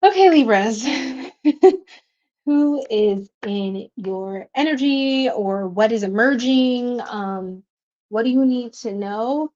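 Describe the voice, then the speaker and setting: A bubbly woman with a fairly high voice chats with her livestream viewers, greeting them by name and laughing between slangy asides. The audio is a little dull and lo-fi. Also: takes it slowly, darkish tone. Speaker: tarot reader livestream host. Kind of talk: casual livestream chat reading comments.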